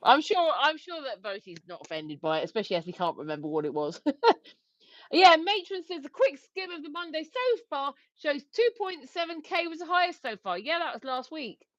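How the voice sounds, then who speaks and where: Lively high-voiced woman reading viewer comments. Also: a little fast, no echo, highs cut off. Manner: giggly, reads viewer comments aloud. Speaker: livestream co-host. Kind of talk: casual livestream chat reading comments.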